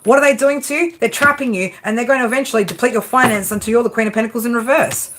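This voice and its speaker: A woman reads tarot in a blunt, exasperated monologue full of swearing. She keeps tagging her points with "right?". Her voice sits a bit high, and clear background noise runs under it. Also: fairly even intonation, fast talker. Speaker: tarot reader. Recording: noisy background.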